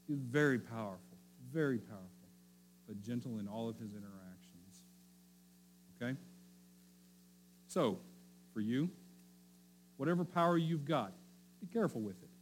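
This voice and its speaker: A man's voice: mid-range voice, a little mellow, a little hiss or hum, poor audio. A male pastor preaching in a conversational way, speaking directly to the children and often checking in with his listeners. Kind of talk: sermon.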